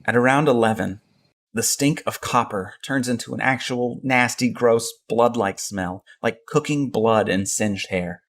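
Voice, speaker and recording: A man reading a first-person horror story aloud in a steady storytelling tone. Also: mid-range voice, unhurried. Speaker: narrator. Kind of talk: scripted narration of a horror story.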